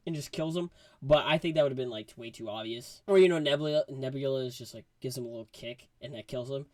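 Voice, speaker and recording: A young man giving a casual movie review, talking in slang and acting out quotes from scenes with excitement. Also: mid-range voice, a little fast, hardly any pauses, no room sound.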